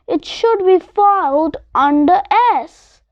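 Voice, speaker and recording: A woman putting on a slow growling storybook monster. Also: very high voice, no room sound, muffled recording. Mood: grumbling. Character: fussy filing-obsessed male monster, grumpy.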